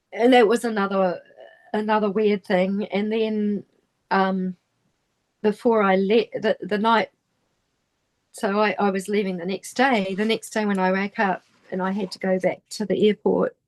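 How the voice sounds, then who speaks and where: A middle-aged woman from New Zealand, speaking with a New Zealand accent in a voice of middling pitch. She is a podcast guest telling a personal story, and her speech halts often, full of restarts and phrases that trail off. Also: little pitch movement, a little slow, pauses often.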